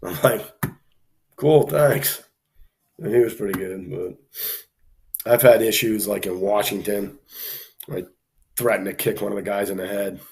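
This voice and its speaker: A man with a lowish voice spins a casual story. He talks loosely, full of "you know" and "like", and jumps into the voices of the people he met. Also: a little slow, long pauses. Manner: animated storyteller, acts out quoted people, frequent fillers. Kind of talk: casual anecdote telling.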